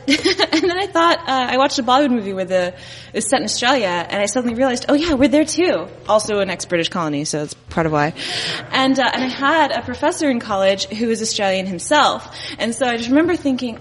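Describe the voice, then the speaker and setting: A woman from Dallas tells a comic story to a live crowd, chatty and quick to laugh at herself. Her voice sits a little high, the room has a long reverb, and there is some noise. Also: expressive, a bit bright. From Dallas, USA. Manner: chatty, laughing, self-mocking.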